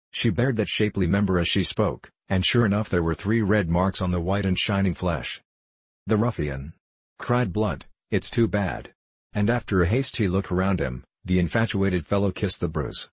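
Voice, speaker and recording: A man reading a classic novel aloud as a narrator, in a measured, even manner and lightly voicing the characters' dialogue. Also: sits low, husky, no echo. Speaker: audiobook narrator.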